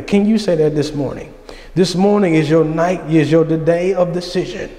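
A man preaching in a church sanctuary with a high voice and a fervent, pleading cadence. His words ring out through a roomy hall with a long, lingering reverb. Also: steady tone, moderate pace, warm tone. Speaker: senior minister preaching. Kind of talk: sermon.

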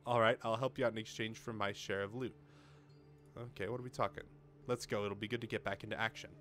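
A man's voice: on the low side, steady tone, fast talker, fairly bright tone. A young man casually narrating his gameplay at a home mic, reading dialogue aloud and joking at himself, swearing now and then. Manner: chatty, self-mocking, swears when frustrated. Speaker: let's play gamer. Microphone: home desk mic with pop filter.

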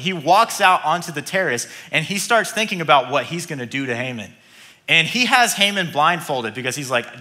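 A male pastor preaching a sermon in a church, telling a story in a lively way with chuckling asides. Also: on the high side, normal speed. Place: church auditorium.

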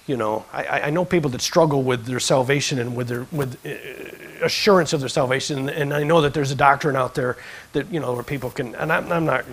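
Impassioned husky-voiced male preacher. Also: mid-range voice, brisk, poor audio. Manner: rising to emphatic, impassioned peaks, then dropping to quiet, conversational asides. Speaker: pastor. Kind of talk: sermon. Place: church sanctuary.

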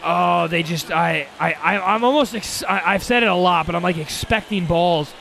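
Young male gaming host, high bright voice with a gravelly edge, exasperated play-by-play aimed at viewers. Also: moderate pace, a little hiss or hum. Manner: exasperated, talks to himself and viewers with bursts of frustration. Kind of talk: live gameplay commentary.

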